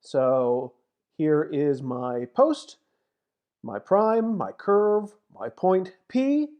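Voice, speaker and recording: A woman math lecturer, her voice sitting low with big pitch swings, speaks extremely slowly on a recording with the highs cut off. Walking through an on-screen problem in a screen-recorded lecture, she methodically thinks aloud as she types and reads long numbers.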